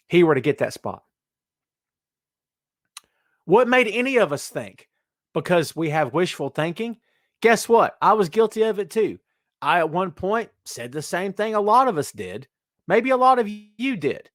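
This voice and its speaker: A man's voice: on the high side, very animated, moderate pace, no echo, studio quality. A man hosting a wrestling podcast, giving emphatic, opinionated commentary and calling his listeners "kids". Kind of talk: opinionated live-stream commentary.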